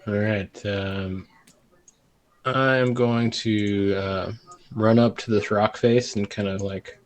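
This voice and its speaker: Brief: male tabletop player, slow, laid-back delivery. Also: on the low side, fairly even intonation, rough recording. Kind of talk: casual tabletop play.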